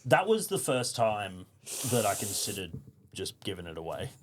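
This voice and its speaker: A man's voice: fairly low pitch, very animated, moderate pace, slight background noise. A man with an Australian accent, a comedian guest on a podcast, talking casually and thoughtfully about how he works. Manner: thoughtful, reflects on his craft. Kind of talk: casual chat.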